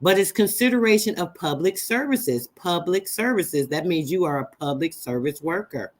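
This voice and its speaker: A woman's voice: lowish voice, lively intonation, moderate pace. Emphatic woman preaching to her live chat. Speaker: livestream host. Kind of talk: live-stream teaching chat.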